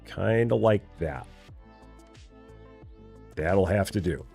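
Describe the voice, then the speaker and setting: A middle-aged man with a low voice that swings up and down a lot talks through a game, muttering to himself and calling out to his chat. Faint music plays behind him. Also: lively intonation, slow pace, gravelly, warm tone. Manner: talks to himself, chatty, reads viewer chat aloud. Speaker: game streamer. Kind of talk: casual live gameplay commentary.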